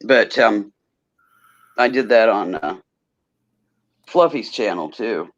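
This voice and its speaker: Low-voiced man in relaxed chat. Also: takes it slowly. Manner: relaxed, hesitant with many ums. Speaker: podcast co-host. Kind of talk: casual chat. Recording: dull lo-fi recording.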